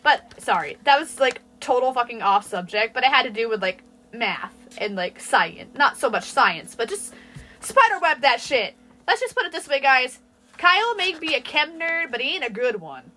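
A woman's voice: sits high, normal speed, faint music behind. A woman co-hosting a podcast, telling workplace stories in casual chat, swearing freely. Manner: profane, storytelling, lively. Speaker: podcast co-host.

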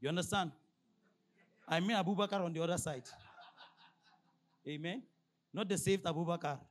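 A man preaching a sermon as pastor, prompting the congregation to finish his lines and reading scripture slowly and emphatically. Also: sits high. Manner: call-and-response, prompting the congregation with "what?".

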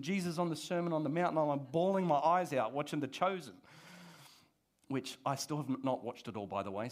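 A pastor, preaching a sermon to his church in an animated, conversational way. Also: fairly high pitch. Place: church service.

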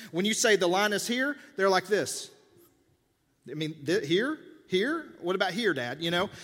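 High-voiced preacher in a reverberant hall. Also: male voice. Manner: animated, jokey, rises in pitch for emphasis. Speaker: pastor. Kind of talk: sermon.

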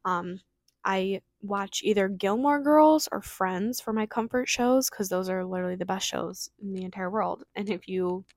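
Young woman, solo podcast host; fast, filler-heavy casual chat; dry close mic, mid pitch. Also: no room sound. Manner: fast, chatty, lots of fillers.

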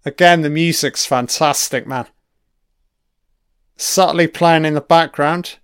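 A man drawls through a casual film commentary, his pitch a touch high and his voice smooth and clear. He swears constantly and enthuses over scenes, trailing off into asides. The sound is close and dry. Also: fairly even intonation, takes it slowly, a bit bright, no echo. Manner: profane, enthusiastic, frequent swearing.

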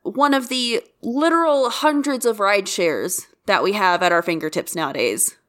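A woman co-hosts a casual podcast at a middle pitch. She speaks earnestly, gives advice, and keeps the conversation on track. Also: animated, moderate pace, a bit bright. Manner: earnest, advice-giving, moves the talk along. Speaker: podcast co-host. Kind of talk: casual chat.

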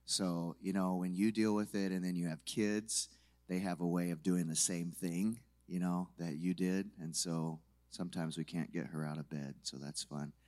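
Deep-voiced guy, groggy morning voice, laid-back teaching at a church, lots of ums. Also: normal speed. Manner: relaxed, chatty, many fillers. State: low morning voice. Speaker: conference speaker, worship leader. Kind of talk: casual teaching talk to a church audience. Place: church hall.

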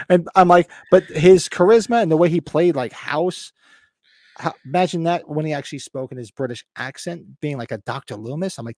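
A man's voice: fairly high pitch, moderate pace, darkish tone, dry recording, studio quality. A man co-hosting a casual podcast, rambling and restarting his sentences, swearing now and then. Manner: rambling, stop-start, swears. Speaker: podcast co-host. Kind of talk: casual chat.

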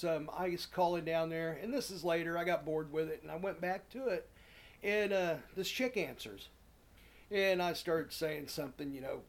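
A man co-hosting a podcast, telling a crude prank-call story in a rambling, profane way. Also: a little high. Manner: profane, rambling, acts out shouting callers. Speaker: podcast co-host.

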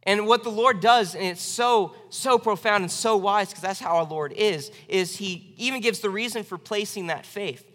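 A man's voice: sits high, normal speed, hardly any pauses, a bit bright, long reverb tail. A man preaching a sermon as pastor, earnest and conversational, often restarting his phrases.

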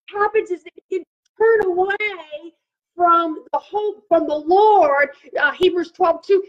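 A woman preaching a sermon and praying, emphatic and repeating phrases for effect. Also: extremely high pitch. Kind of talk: sermon with prophetic prayer. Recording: muffled lo-fi audio.

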